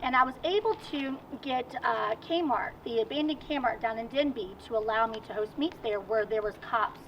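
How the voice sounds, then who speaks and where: A woman with a Virginian accent, a guest in a casual outdoor interview, telling stories in an animated, chatty way. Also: a little high, moderate pace. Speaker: guest, amateur racer. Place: outdoors at a car show. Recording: distant mic, dull sound, faint noise.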